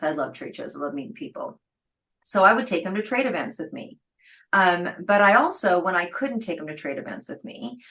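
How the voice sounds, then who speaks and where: A middle-aged woman, a guest entrepreneur, telling stories in an interview, lively and laughing, acting out the people she quotes. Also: on the low side, rough recording. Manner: lively, acts out quoted dialogue, laughs often. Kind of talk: storytelling interview talk.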